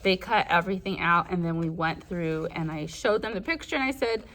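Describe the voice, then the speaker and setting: A woman's voice: on the low side, a little fast, a bit bright. A young adult woman, a first grade teacher from Southern California, talking casually through her school day in a vlog, rambling as she lists her plans. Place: classroom.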